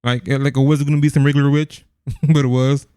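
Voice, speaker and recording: A man's voice: mid-range voice, level tone, fast talker, dark tone, smooth, dry recording, clean studio sound. A man co-hosting a casual movie review podcast, rambling with lots of restarts and laughs. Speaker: podcast co-host.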